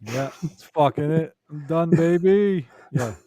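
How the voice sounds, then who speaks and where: A man's voice: on the high side, takes it slowly, mellow, no echo. A man co-hosting a podcast, bantering bluntly and casually with frequent swearing. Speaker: podcast co-host.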